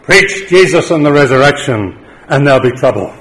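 A man's voice: animated, brisk, fairly bright tone, poor audio. Man preaching a sermon with rising emphasis. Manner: rises to emphatic declarations, drops low for solemn points.

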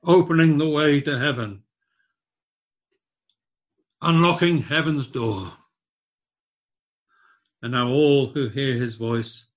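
A man preaching a sermon, emphatic and repetitive, pressing his points and lifting his voice on key phrases. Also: fairly bright tone. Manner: slow, emphatic and repetitive, rising in pitch and force on key phrases.

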